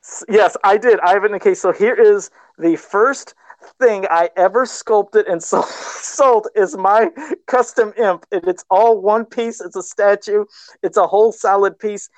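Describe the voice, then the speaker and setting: A man's voice: sits high, moderate pace, no room sound, low-quality recording. A man talking casually on a livestream about his first sculpted custom figure, self-deprecating and laughing often. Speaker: guest toy sculptor.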